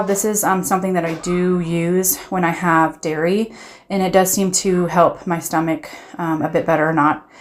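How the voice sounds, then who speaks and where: A woman food vlogger talks through her day in a relaxed voiceover. Her voice sits a little low, and she is chatty and upbeat with plenty of "um"s as she gushes about what she eats. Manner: chatty, many "um"s, upbeat and gushing. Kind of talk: casual voiceover narration. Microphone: voiceover recorded while editing.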